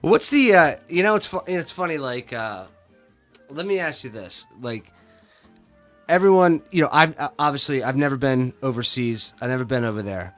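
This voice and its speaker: A man's voice: medium pitch, lively intonation, moderate pace, a bit bright, faint music behind. A young man hosting a casual chat show, rambling with lots of fillers and slang. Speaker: host.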